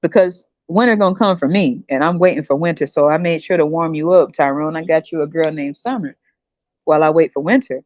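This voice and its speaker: Animated, laughing woman podcast host. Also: low-pitched, a little fast, dry recording, highs cut off. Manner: animated, laughs often, slangy. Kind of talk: casual comedic rant.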